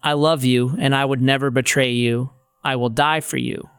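Guy reading peter, impulsive fisherman, blunt casual talk, smooth dry sound. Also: medium pitch, fairly even intonation, normal speed, fairly bright tone, no echo, lightly acted. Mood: heartfelt. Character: adult man, Peter, impulsive devoted fisherman.

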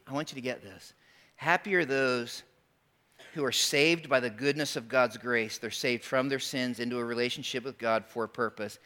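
A man's voice: mid-range voice, bright, forceful tone. A man in his forties preaching a sermon, storytelling with animation and calling out to his congregation. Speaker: pastor.

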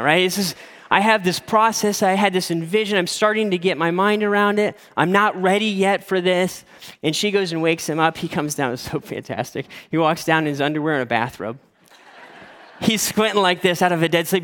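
A man in his forties, a pastor telling a story in a sermon with lively acted-out voices. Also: on the high side, brisk. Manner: animated storytelling, acting out quoted voices. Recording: long hall reverb.

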